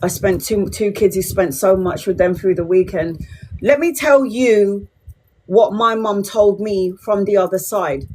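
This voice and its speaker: A woman's voice: mid-range voice, measured pace, a little mellow, slightly rough. Casting: forties woman, blunt, sweary livestream tarot reader, plain mid voice. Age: 40s. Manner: chatty, blunt and sweary, talking straight to viewers. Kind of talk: casual livestream chat to viewers.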